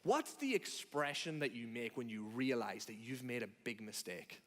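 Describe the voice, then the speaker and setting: A man's voice: mid-range voice, lively intonation, moderate pace, fairly bright tone. A man preaching a sermon in a conversational way, asking the audience questions and acting out reactions. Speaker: pastor. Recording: long hall reverb.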